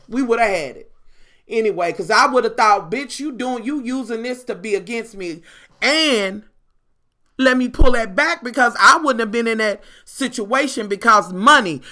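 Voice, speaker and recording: A woman's voice: a little high, pushed and bright. A woman vlogger giving a blunt, profane, sassy rant about a reality show. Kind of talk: casual rant.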